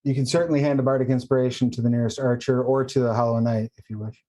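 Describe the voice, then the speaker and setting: A man acting as game master of a tabletop game, explaining rules and options patiently and in a measured way. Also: medium pitch, fairly even intonation, dark tone. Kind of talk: running a tabletop game online.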